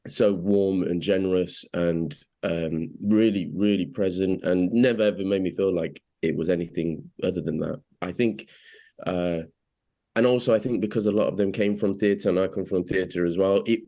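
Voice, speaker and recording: A man with an English accent, an actor chatting in an interview, often restarting his sentences and getting animated when he retells what was said. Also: sits low. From England. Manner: hesitant, many restarts and fillers, animated when quoting. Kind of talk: casual interview chat.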